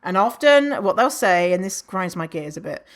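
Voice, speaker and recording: A woman hosting a solo podcast, chatty and animated, who swears freely and acts out what people say in a higher voice. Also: moderate pace. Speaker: podcast host. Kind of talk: casual solo podcast monologue.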